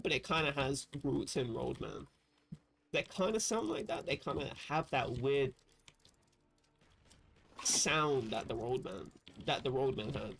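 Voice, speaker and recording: A man's voice: on the high side, gravelly, fairly bright tone, slight background noise. A man from England, chatting casually and profanely on a livestream while reading chat aloud. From southern England. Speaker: livestream host.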